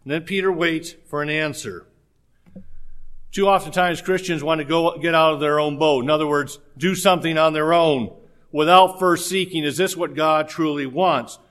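A man's voice: a little high, steady tone, normal speed, fairly bright tone. A man preaching a sermon in a conversational way, with humorous asides.

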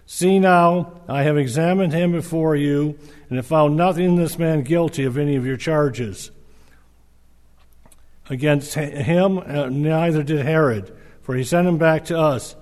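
A man reading the lines of an uneasy Roman governor in a measured, earnest way. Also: a little high, a little mellow, natural voice. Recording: reverberant hall.

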